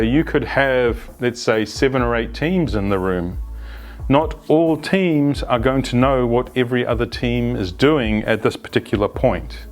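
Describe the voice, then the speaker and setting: A man's voice: medium pitch, a little mellow. A man gives an unscripted, conversational explanation as an agile coach, often restarting phrases and adding asides. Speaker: agile coach presenting a video series. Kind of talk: unscripted instructional talk.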